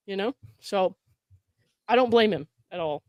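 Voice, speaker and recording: A woman's voice: mid-range voice, expressive, a little slow, no echo, lo-fi sound. A woman hosting a casual podcast, talking frankly with lots of "like" fillers. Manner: chatty, frank, many fillers like "like". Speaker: host. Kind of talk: casual commentary.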